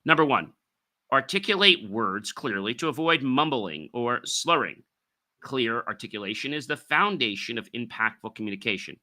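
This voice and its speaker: A man hosts his own podcast, teaching listeners how to speak clearly. His voice is very bright and sharp-edged, with a middling pitch. He talks straight to the audience in an emphatic, coaching way. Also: lively intonation, moderate pace. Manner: emphatic, coaching delivery addressing listeners directly. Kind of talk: instructional podcast talk.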